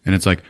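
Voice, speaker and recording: A man hosting a podcast, retelling a movie in profane, animated casual chat. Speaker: podcast host.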